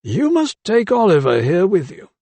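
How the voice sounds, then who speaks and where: A man voicing an elderly anatomist in an audiobook, gruff and blustering, with a raised, slow, drawn-out delivery. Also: high-pitched, wildly swooping pitch, darkish tone, dry recording, voice pushed up, heavily acted. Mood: insistent, commanding.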